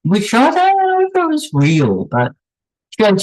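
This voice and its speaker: Male channel host, unscripted commentary; unhurried, halting, wryly apologetic. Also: high-pitched, wildly swooping pitch, darkish tone, poor audio. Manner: halting, pausing, with many restarts; wry and apologetic asides.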